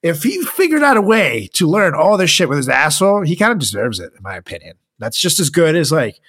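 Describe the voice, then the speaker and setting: With a fairly high, husky, slightly bright voice, a man co-hosts a podcast in a sing-song, fairly quick delivery. He jokes crudely and laughs a lot during casual chat and an ad read.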